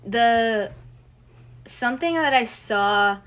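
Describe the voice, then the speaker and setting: A woman's voice: fairly high pitch, expressive, slow, fairly bright tone, clear, resonant tone, low-quality recording. A woman in casual chat who speaks in a flustered way and keeps losing her train of thought.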